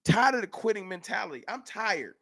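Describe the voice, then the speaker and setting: Man, casual livestream chat, slightly high voice, dry close sound. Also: brisk, creaky, no room sound. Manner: animated, talks straight to chat viewers. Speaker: livestream host. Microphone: camera mic.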